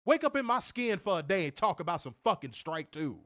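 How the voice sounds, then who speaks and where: Angry male co-host, high voice, profane heated rant on a stream. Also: very animated, a little fast, bright, forceful tone. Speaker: wrestling show co-host.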